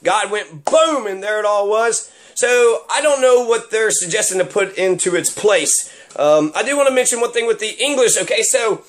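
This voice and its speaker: A man's voice: high voice, lively intonation, moderate pace. A man giving rambling, sarcastic solo commentary with plenty of fillers. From Kentucky.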